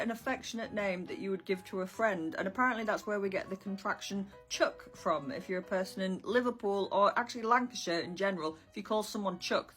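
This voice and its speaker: A woman talks casually to the camera in a voice that sits in the middle of the range. Her delivery is wry and sardonic, with dry asides and a few swear words. Faint music plays quietly behind her. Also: mid-range voice. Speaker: historian sharing old slang.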